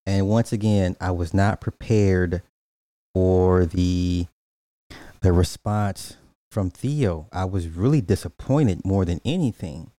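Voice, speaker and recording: A man on a livestream, talking loosely and joking as he roasts the people in his chat. His voice sits low and his delivery is slow. The sound is mellow and dry. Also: no room sound.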